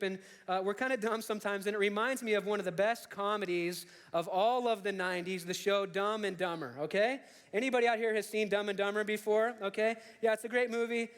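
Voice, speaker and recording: A man preaching with a fairly high voice, casual and jokey, who keeps checking in with his listeners. The sound carries a long reverb from the church sanctuary. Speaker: pastor. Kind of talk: sermon.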